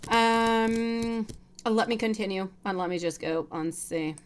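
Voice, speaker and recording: A woman's voice: mid-range voice, level tone, slow pace, a little hiss or hum. Chatty woman doing a live tarot reading. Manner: chatty, calls viewers sweetie. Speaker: tarot reader.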